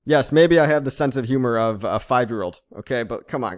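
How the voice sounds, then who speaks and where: A man's voice: medium pitch, a little fast. A man hosting a crypto channel, talking casually to viewers, dropping "okay" and "right" as tag questions and chuckling at his own jokes. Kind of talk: casual explainer monologue.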